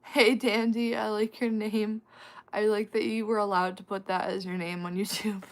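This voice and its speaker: A woman hosting a casual livestream, chatting with her viewers, laughing often and tossing out quick asides. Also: mid-range voice, little pitch movement. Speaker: livestream host answering chat.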